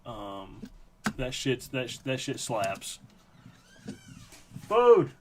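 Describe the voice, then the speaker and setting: A man's voice: medium pitch, sing-song, extremely slow, darkish tone, a little hiss or hum. A man hosting a live stream, telling a rambling, profane story in a casual chat. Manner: rambling, profane, lots of fillers.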